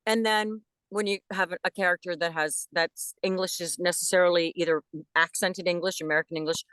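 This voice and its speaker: Lively woman voice actress, dry sound. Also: on the low side, smooth, no echo. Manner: animated, enthusiastic, talks in quick restarts. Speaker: voice actress guest. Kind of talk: casual interview chat.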